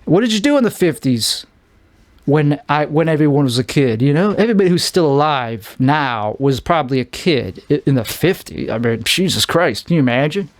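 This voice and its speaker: A man's voice: on the high side, lively intonation, moderate pace, dry recording. A man from Chicago with a Chicago accent, rambling through a solo podcast monologue, often restarting and trailing off. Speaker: podcast host.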